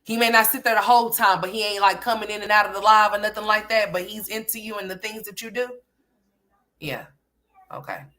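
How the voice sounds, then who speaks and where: A woman's voice: medium pitch, steady tone, brisk, pushed and bright. A woman hosting casual reaction commentary, blunt, sassy and profane as she talks back at a clip. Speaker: commentary host.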